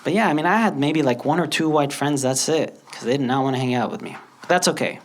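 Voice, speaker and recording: A man from Lebanon doing an animated stand-up comedy set, often leaping into high put-on voices. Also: fast. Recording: loud background noise.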